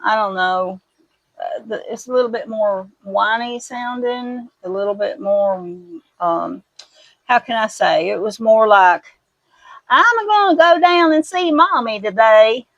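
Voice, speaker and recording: A woman's voice: fairly high pitch, no room sound, dull audio. A middle-aged woman with a Midwestern accent that slips into Kentucky country twang, chatting casually in her kitchen while doing dishes, rambling and folksy as she tells stories. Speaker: homesteading vlogger. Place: home kitchen.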